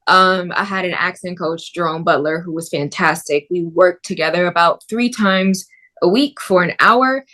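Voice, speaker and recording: Animated actress in a lowish voice. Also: female voice, normal speed. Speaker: actress, interview guest. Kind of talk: casual interview.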